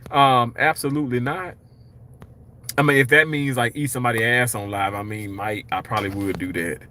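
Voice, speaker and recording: Man, bright forceful voice, rambling, candid, casual livestream talk. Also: medium pitch, steady tone, moderate pace, slight background noise. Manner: rambling, candid, upbeat self-talk with viewers. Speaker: livestreaming vlogger. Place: outdoors at night, walking.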